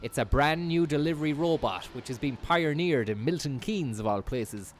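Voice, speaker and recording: A man's voice: on the high side, animated, moderate pace, slight background noise. A man doing rambling, profane live stream commentary, slipping into a mock announcer voice as he riffs.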